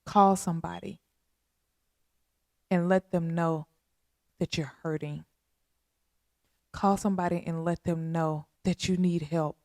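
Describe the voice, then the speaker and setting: A woman hosting a podcast, making a heartfelt spoken appeal in a slow, earnest, pleading way with a lot of repetition. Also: on the low side, little pitch movement, darkish tone, no room sound, studio quality. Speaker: podcast host.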